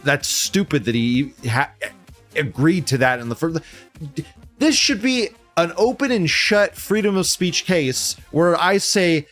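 A man's voice: fairly high pitch, lively intonation, measured pace, fairly bright tone, soft background music. A man hosting a news commentary show in a casual, profane, mocking rant, laughing often.

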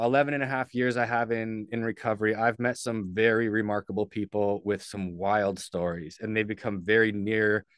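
Earnest low-voiced man telling a story. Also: clean tone, no echo, clean studio sound. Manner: earnest, loose, with casual swearing. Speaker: podcast guest. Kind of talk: candid storytelling in an interview.

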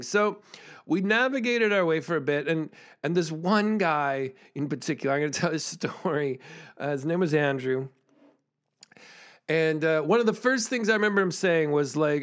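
A man's voice: a little high, animated, moderate pace. A man hosting a podcast, telling a personal story in a casual, candid way with fillers and the odd swear. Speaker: podcast host.

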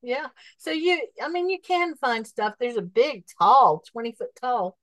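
A woman's voice: a little high, big pitch swings, unhurried, fairly bright tone, no room sound, rough recording. A woman co-hosting a podcast in easygoing casual chat, laughing often and reading out listings. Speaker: podcast co-host.

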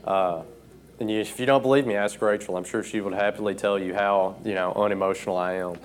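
A man preaching an informal sermon from a church stage, emotional and earnest, often pausing with fillers. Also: on the low side, steady tone, slight background noise. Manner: earnest, halting with frequent fillers.

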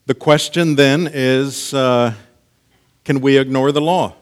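A pastor delivering a sermon at an unhurried, deliberate pace. His voice sits in a middling male register, dropping quiet for reflection and rising firm to stress a point. He teaches carefully, the way he would explain scripture to a congregation. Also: mid-range voice, steady tone, clean tone. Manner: measured teaching, swings from hushed to emphatic.

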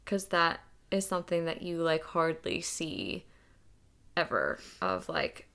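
Slow, creaky-voiced woman co-host. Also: low-pitched, very animated, a bit bright. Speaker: podcast co-host. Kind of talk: casual book discussion chat.

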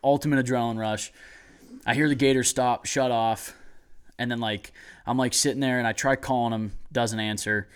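A young man telling a hunting story in a casual chat, excited and rambling with lots of "like". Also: medium pitch, normal speed, clean tone.

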